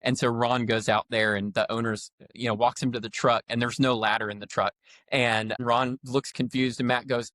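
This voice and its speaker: A man telling a workplace story with lively retold quotes in a casual podcast conversation. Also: mid-range voice, normal speed, no room sound, studio quality. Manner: animated storyteller, acts out quotes. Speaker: podcast guest, roofing company leader.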